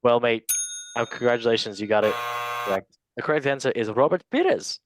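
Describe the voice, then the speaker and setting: A man's voice: medium pitch, expressive, brisk, noisy background. A man hosting a casual football quiz, joking and stumbling over French names. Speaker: quiz master.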